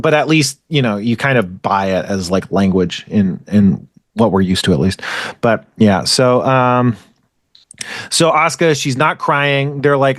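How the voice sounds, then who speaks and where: A man's voice: mid-range voice, normal speed, fairly bright tone, no echo. Rambling podcast guy, dry close sound. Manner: rambling, restarts often, swears casually. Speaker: podcast host. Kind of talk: casual chat about an anime.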